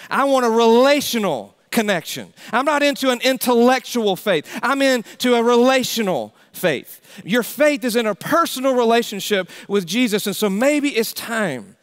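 Pastor guy preaching, kinda high voice, goes loud then drops way down to a whisper. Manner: dynamic preaching, swinging from loud emphatic calls to hushed near-whispers. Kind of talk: sermon.

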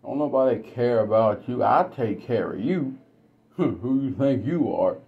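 A man's voice: mid-range voice, lively intonation, a little slow, vocal fry. A man voicing a cold, domineering husband who talks down to his wife with contempt. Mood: contemptuous. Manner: sneering, contemptuous. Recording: dull lo-fi recording.

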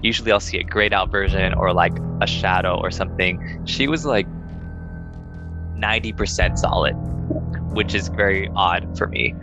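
A young man casually telling a ghost story to friends, animated and acting out the voices he quotes. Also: moderate pace, music in the background. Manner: animated, acts out quoted voices in higher pitch.

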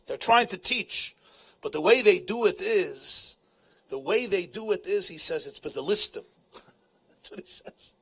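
A man, a rabbi, retelling a Talmud story to a live audience in a large event tent, with dramatic, emphatic delivery and shouted peaks. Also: sits high, slightly rough.

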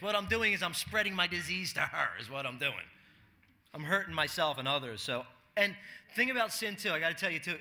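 A pastor preaches a sermon to his congregation conversationally, asking the room questions and acting out quotes. His voice is fairly high, pushed and bright.

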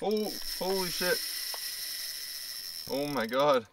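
Young male fishing vlogger in a small ice shelter. Higher voice, unhurried delivery, profane and excitable. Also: noisy background. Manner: excited swearing, shouting exclamations. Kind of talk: casual vlog narration while ice fishing.

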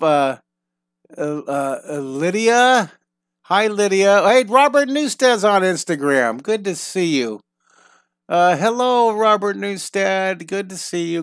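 A man's voice: sits high, slow, dry recording. Male art teacher, middle-aged, cheerful and encouraging, rambling restarts, tenor-ish, dry close mic. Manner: upbeat, encouraging, thinks aloud with many restarts. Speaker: drawing teacher. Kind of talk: live online drawing lesson.

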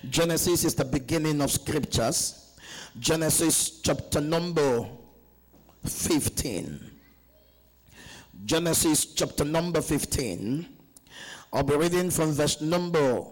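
Lively call-and-response male preacher. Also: fairly high pitch, low-quality recording. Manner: call-and-response preaching, urging the congregation to answer; reads scripture slowly and deliberately. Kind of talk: sermon. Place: church conference, captured live.

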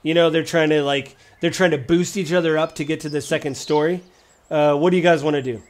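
A man's voice: a little high, steady tone, fairly quick. A man running a tabletop game as game master, describing scenes casually with many fillers. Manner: casual, rambling, frequent fillers and laughs.

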